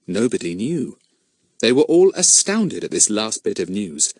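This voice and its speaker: A man narrating a children's storybook with lively storytelling. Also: deep voice, moderate pace, dry recording, clean studio sound. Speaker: audiobook narrator.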